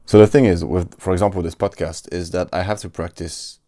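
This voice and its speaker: A man's voice: deep voice, fairly even intonation, fairly quick, mellow, dry recording, clean studio sound. A man, hosting a casual solo podcast, often stopping to search for words and restarting his sentences. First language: French. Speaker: podcast host.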